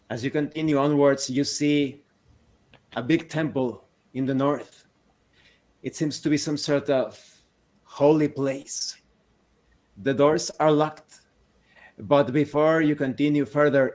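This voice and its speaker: A man narrating a tabletop game as game master in a slow, deliberate way. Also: mid-range voice, a little mellow.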